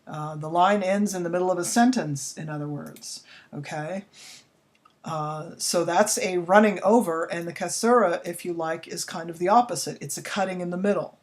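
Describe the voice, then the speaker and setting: A woman teacher talks her students through a poetry lesson in a slightly low voice. She explains in a relaxed, chatty way, with fillers and restarts. When she reads lines aloud, she stretches out the beat to make the rhythm plain. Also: normal speed. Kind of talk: recorded classroom lesson.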